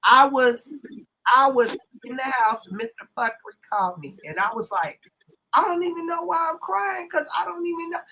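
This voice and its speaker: Bright-voiced woman hosting a rambling livestream. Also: high voice, lively intonation, normal speed, slight background noise, low-quality recording. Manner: loose, rambling, talks to chat while setting up. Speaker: livestream host. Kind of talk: casual livestream chat.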